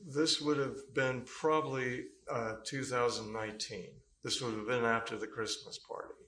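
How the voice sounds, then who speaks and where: A man's voice: mid-range voice, steady tone, moderate pace, pushed and bright, a little hiss or hum. A man giving witness testimony in a courtroom, telling his account at length in a rambling, hesitant way full of fillers. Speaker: trial witness. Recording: echoey courtroom mic.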